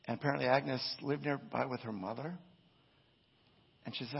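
A man's voice: mid-range voice, fairly even intonation, moderate pace, gravelly, pauses often, husky. A male pastor preaching a sermon, telling a story in a loose, conversational way with many "right?" asides. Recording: echoey hall, dull lo-fi sound.

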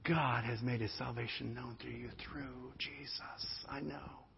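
A man's voice: medium pitch, steady tone, a little slow, creaky, slight background noise. A male pastor preaching a sermon, stressing and repeating key phrases, then rising into fervent prayer. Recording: dull sound with long hall reverb.

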